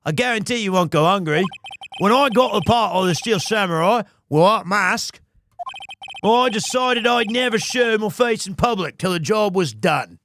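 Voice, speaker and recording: A man's voice: sits high, expressive, normal speed, a bit bright, a little hiss or hum. A man voicing a timid, hulking male actor in a video game, with a wobbly put-on Australian accent and a stammering, apologetic manner. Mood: nervous.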